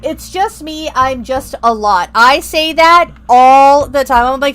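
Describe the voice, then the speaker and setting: A woman's voice: sits high, takes it slowly, fairly bright tone, a little hiss or hum, poor audio. A young woman streamer chatting casually while she plays, bubbly and self-deprecating. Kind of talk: casual gameplay chat. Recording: game music underneath.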